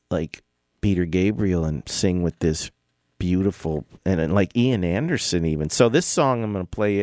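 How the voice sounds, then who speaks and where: A man's voice: low voice, a little mellow, no echo, studio quality. A man, middle-aged, hosting his own podcast and telling rambling music stories in a laid-back, casual way. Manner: rambling, laid-back, with filler words and restarts. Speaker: podcast host. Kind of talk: casual storytelling monologue.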